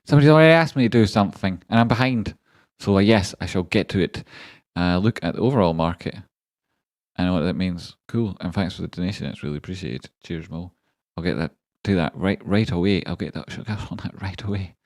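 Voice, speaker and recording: Rambling man, low dry voice. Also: a little fast, darkish tone, no room sound. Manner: rambling, joking, talks to viewers by name. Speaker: stock market streamer. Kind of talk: live-streamed chart analysis and chat reading.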